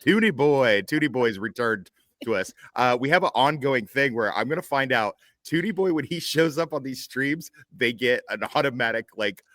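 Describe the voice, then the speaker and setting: A man's voice: mid-range voice, expressive, normal speed, fairly bright tone, no room sound. A man hosting a casual group chat, joking, teasing and swearing freely. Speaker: podcast host.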